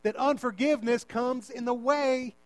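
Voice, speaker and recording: A man preaching a sermon, repeating phrases and swinging from loud emphasis to quiet asides. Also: fairly even intonation, moderate pace, dry recording, poor audio. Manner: preaching with big swings in pitch and loudness, repeating words for emphasis. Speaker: pastor.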